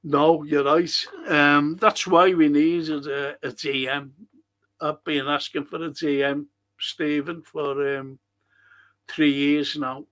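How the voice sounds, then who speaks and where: In a rambling, casual podcast chat, an older man responds to listener messages. He speaks slowly in a fairly high, slightly bright voice with little pitch movement.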